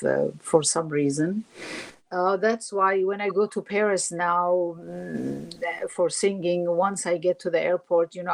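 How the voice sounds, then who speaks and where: A woman from Syria telling stories from her life as an interview guest, animated and acting out quoted voices. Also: on the low side, rough recording. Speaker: singer and guest. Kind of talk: casual interview storytelling.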